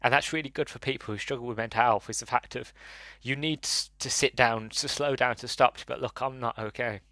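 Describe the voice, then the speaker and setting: A man's voice: mid-range voice, fairly even intonation, fairly quick, pushed and bright, no echo. A man giving an earnest, emotional review, often restarting his sentences, his voice wavering as if close to tears.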